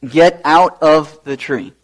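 A man preaching a sermon as pastor, animated and rising to loud emphasis. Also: a little high, slow pace.

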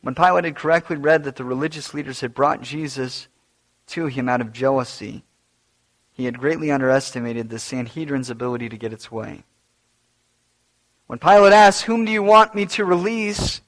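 A man preaching a sermon in a dramatic way, swelling to loud emphasis and then dropping low. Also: moderate pace, pauses often.

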